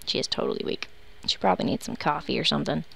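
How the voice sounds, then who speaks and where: A woman's voice: low voice, rapid-fire, creaky. A woman giving casual, sarcastic commentary while playing a life-simulation game, grumbling at her characters. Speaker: let's play host. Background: background music.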